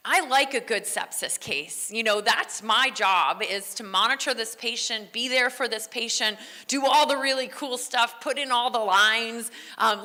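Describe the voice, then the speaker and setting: A woman's voice: on the high side, bright, forceful tone, in a large hall. A woman who works as a veterinary technician gives a conference lecture in a conversational way, often tossing in "right?" and answering her own questions. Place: large lecture hall.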